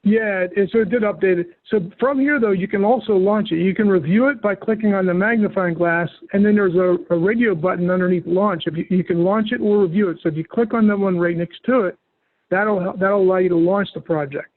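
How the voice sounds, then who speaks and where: A man training a user on software over a call, giving relaxed, patient, step-by-step instructions. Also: high-pitched, a little fast. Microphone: call audio. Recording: tinny phone-like line, dry.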